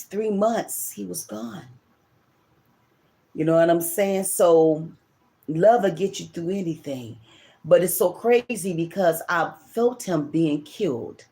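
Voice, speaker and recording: Speaking in a low, slightly mellow voice, a middle-aged woman who hosts a channel and reads tarot tells a personal story. She rambles, gets emotional, and circles back to the same points often.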